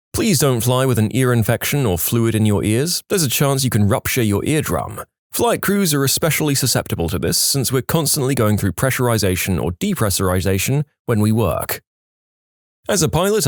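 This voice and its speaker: A man narrating posts from an online forum, reading them in a lively, expressive way with a touch of playful sarcasm. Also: medium pitch, no room sound, clean studio sound. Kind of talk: storytelling narration.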